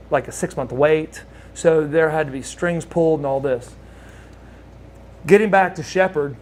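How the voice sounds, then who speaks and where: A man with a slightly high voice recounts a personal story in loose conversational speech, stumbling over restarts and repeating words. He jumps up in pitch when acting out what others said. A faint room ambience sits behind him. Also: a little hiss or hum. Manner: animated, acts out quoted voices with big pitch jumps. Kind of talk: casual spoken anecdote.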